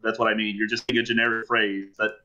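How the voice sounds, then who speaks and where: A man's voice: fairly low pitch, little pitch movement, fast talker, sharp tone. A man co-hosting a casual online chat, hesitant and a little pedantic, laughing between points. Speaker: co-host. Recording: dull lo-fi call audio.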